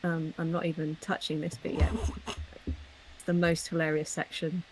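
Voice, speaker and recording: A woman's voice: deep voice, moderate pace, husky, poor audio. A woman artist chatting casually and relaxedly while she draws on a live stream. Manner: relaxed, talks while working. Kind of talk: casual chat while drawing.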